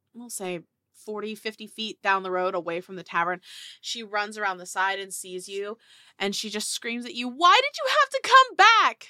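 A woman's voice: lowish voice, bright, forceful tone, clean tone, dry recording, studio quality. A woman narrating as game master of a tabletop game, casual and laid-back with fillers.

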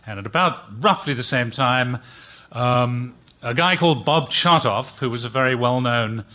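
A man telling a personal story live on stage, chatty and halting with many pauses. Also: medium pitch, bright, forceful tone, lo-fi sound. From England. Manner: chatty, hesitant with many ums.

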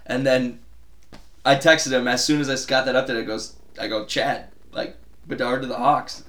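A man co-hosts a casual sports podcast, telling his stories with real gusto and acting out what others said. He swears freely, and his mid-pitched voice bounces around a noticeably echoey room. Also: normal speed. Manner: animated storyteller, swears freely, acts out quotes. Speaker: podcast co-host.

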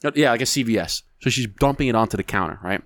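A man co-hosts a podcast in loose, animated chat, blunt and often profane. His voice sits at an average pitch for a man. The sound is dry and close. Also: fast, no echo. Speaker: podcast co-host. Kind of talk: casual chat.

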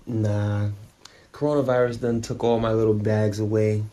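A man's voice: fairly low pitch, level tone, moderate pace, warm tone, slight background noise. A man co-hosting a casual sports podcast, laid-back and joking. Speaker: podcast co-host.

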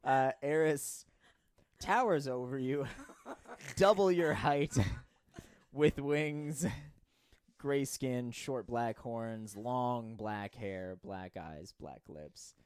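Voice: mid-range voice, extremely slow, darkish tone, smooth, no echo. A game master narrating a tabletop role-playing game, playful and often laughing. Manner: giggly, playful.

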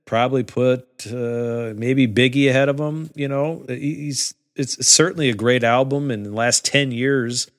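Hesitant man in a reverberant room. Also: mid-range voice. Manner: measured, hesitant, explaining. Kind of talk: casual podcast chat.

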